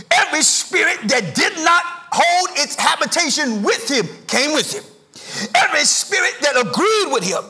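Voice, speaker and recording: A middle-aged male pastor, preaching a sermon with sing-song rises and shouted emphasis in a church. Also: very high voice, big pitch swings, normal speed. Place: church sanctuary.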